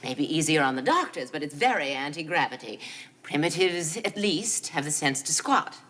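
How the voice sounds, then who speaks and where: A woman's voice: deep voice, animated, normal speed, fairly bright tone. An actress playing an affected, theatrical rich young woman in a 1970s TV soap opera, gushing as she talks.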